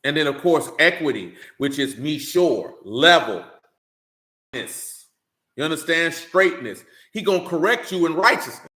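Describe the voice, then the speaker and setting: A man's voice: on the high side, sing-song, unhurried, bright, forceful tone. Fervent, emphatic male preacher in an echoey room. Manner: preachy, repeats "man" and "you understand", rising to emphatic. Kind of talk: sermon with scripture reading.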